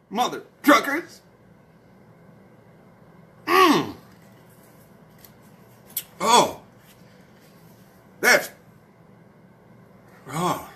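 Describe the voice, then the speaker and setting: A foul-mouthed man chats loosely on a late-night live stream, joking and a little tipsy from beer. His voice sits high and swoops widely. He takes his time and sounds bright and forceful. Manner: rowdy, profane, joking.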